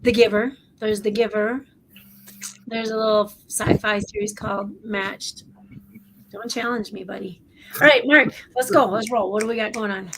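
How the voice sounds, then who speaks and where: A woman co-hosting a casual online debrief, talking in a rambling, excitable way with many restarts. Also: medium pitch, moderate pace, background noise. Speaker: co-host. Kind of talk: casual chat.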